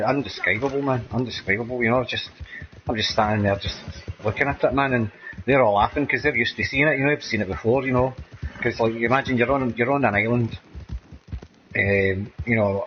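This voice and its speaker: A man's voice: fairly low pitch, muffled recording, a little hiss or hum. A man with a Scottish accent chatting casually while playing a game, rambling and tagging nearly every sentence with "man" or "mate". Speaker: gameplay streamer. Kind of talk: casual gameplay chat.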